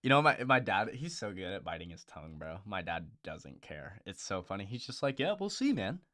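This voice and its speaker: A man's voice: deep voice, animated, brisk, sharp tone, no room sound, studio quality. A young man hosting a live stream in casual chat, blunt and profane, with lots of "bro" and "dude".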